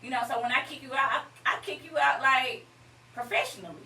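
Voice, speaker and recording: A woman's voice: high voice, brisk, pushed and bright, slight background noise. A woman guest in a casual chat, telling stories in a blunt, emotional way. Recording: echoey room, voice from far off.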